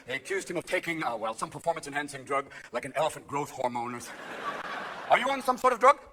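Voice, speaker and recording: A middle-aged man doing a manic stand-up routine, switching rapidly between characters and bursting into shouts. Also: fairly high pitch. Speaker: stand-up comedian. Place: theater stage before a live audience. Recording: live show recording with crowd laughter and noise.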